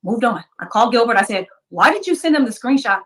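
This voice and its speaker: Woman, podcast guest, rapid casual storytelling, slightly high voice. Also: animated, a bit bright. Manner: rapid, retelling conversations.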